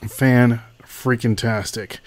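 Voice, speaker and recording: A man's voice: mid-range voice, steady tone, slow pace, no echo. A man hosting a casual livestream, greeting viewers by name and reading their chat comments aloud. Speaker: livestream host.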